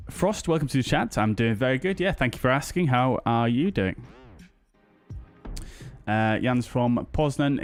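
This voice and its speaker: The clean, mid-range voice belongs to a British man chatting casually on a flight simulator stream. He greets viewers one by one and peppers his talk with ums and uhs.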